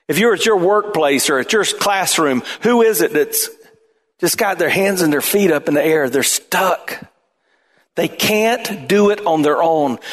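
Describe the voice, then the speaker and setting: A man preaching a sermon as pastor, emphatic and at times shouting. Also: a little high.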